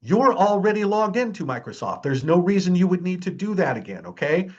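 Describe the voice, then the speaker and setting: In dull-sounding audio, a man with a high-pitched, very animated voice moves fairly quickly through a security awareness training. He chats emphatically, checks in with listeners often, and takes a dry, mocking tone toward scams.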